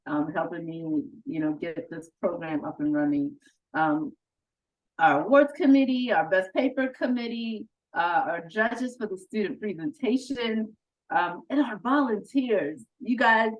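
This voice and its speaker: A woman as outgoing conference president giving a heartfelt, halting thank-you speech, fighting back tears. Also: medium pitch, lo-fi sound. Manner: heartfelt, halting, with fillers and laughs.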